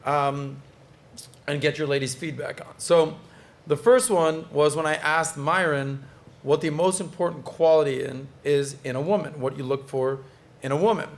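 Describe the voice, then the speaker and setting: A man's voice: a little high, normal speed. Upbeat joking man hosting a podcast. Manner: upbeat, joking, steers the talk. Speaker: podcast host. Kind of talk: casual chat.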